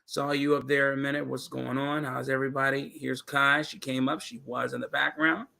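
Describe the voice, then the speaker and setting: A man's voice: mid-range voice, little pitch movement, normal speed, vocal fry, pushed and bright. A man hosting a livestream, chatting casually in a laid-back way. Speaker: livestream host.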